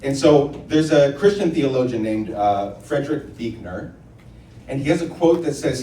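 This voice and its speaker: A man's voice: mid-range voice, expressive, normal speed, warm tone, slight background noise. A man moderating a panel, rallying a live audience in earnest and leading call-and-response. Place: stage in a hall. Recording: roomy hall sound, distant mic.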